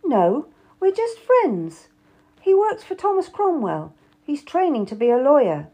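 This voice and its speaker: A woman's voice: sits high, big pitch swings, unhurried, warm tone, voice pushed up, heavily acted. A woman voicing an earnest, hardworking young lady-in-waiting who protests. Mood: protesting.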